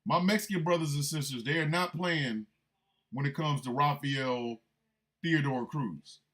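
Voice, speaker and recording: A man's voice: on the high side, unhurried, a bit bright. A man hosting a show of comedic political commentary, talking in an emphatic, mocking way. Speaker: host.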